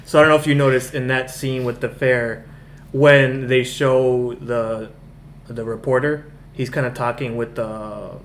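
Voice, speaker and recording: A man's voice: mid-range voice, fairly even intonation, unhurried, a little hiss or hum. Rambling man in casual movie chat. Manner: rambling, hedging with "like" and "I guess".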